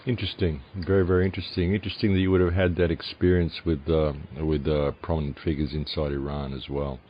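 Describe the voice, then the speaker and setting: A man hosting a radio interview, asking questions and reflecting in a measured way. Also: rumbling low, little pitch movement. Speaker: radio show host. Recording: dull lo-fi audio, faint hiss.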